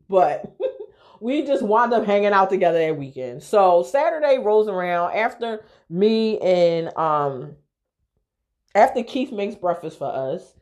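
A young woman telling a personal story on her podcast in a candid, profane, lively way. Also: mid-range voice, dull audio. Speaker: podcast host. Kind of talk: casual storytelling to listeners.

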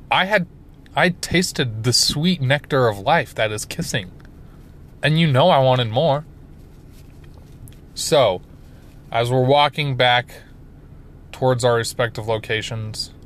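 A young man in his twenties with a voice of ordinary pitch tells a funny personal story, slow and drawn out. He puts on playful bravado, mocks himself and acts out the voices of the people in it. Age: 20s. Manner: animated, playful, self-mocking bravado. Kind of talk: comedic storytelling to camera.

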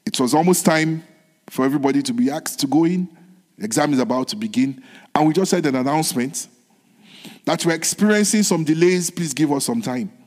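A man preaching a sermon in an earnest way, repeating his phrases and moving between soft whispered lines and raised ones. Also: on the high side, brisk. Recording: long hall reverb.

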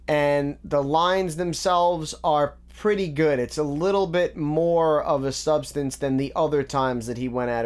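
A man's voice: mid-range voice, clean tone. A man giving a casual, methodical spoken breakdown of rap verses. He quotes lines back and keeps coming back to "again.". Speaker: rap lyric reviewer.

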